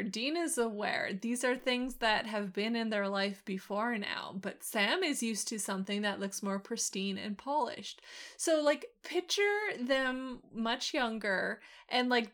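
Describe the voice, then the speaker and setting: A woman co-hosting a podcast, chatting casually about a TV show in a relaxed, rambling way with frequent laughs. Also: on the high side. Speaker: podcast co-host.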